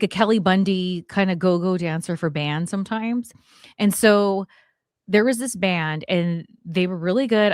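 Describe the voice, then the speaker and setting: A woman in her forties hosting a talk show, telling a story in a lively way and acting out what people said. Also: on the low side, clear, resonant tone, no room sound, clean studio sound. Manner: animated, acts out quotes, swears it is true. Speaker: podcast host. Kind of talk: storytelling chat.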